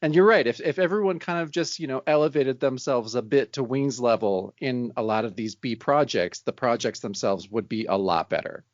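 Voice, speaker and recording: An easygoing podcast co-host who keeps the film discussion on track in a plain, mid-pitched voice. The sound is dry and close, with a slightly dull lo-fi quality. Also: male voice, moderate pace, few pauses, no echo. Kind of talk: casual movie-review chat.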